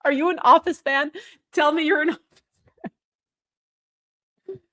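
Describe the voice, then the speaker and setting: A woman's voice: sits high, steady tone, unhurried, bright, forceful tone. A woman hosting a casual political livestream, reading viewer comments and chatting with a sarcastic edge, laughing often. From Canada. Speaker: livestream host reading chat.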